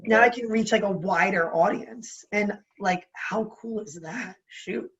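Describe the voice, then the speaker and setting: A young woman with a New Jersey accent, chatting as a podcast guest in a bubbly, animated way. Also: medium pitch, lo-fi sound. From New Jersey, USA. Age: young adult. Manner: bubbly, animated, quick to laugh. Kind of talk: casual interview chat.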